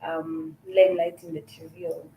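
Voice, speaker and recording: A woman from Kenya, an actress being interviewed, answering softly and hesitantly with many fillers. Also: on the low side, little pitch movement, normal speed, echoey room, slight background noise, rough recording. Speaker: actress, guest. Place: studio.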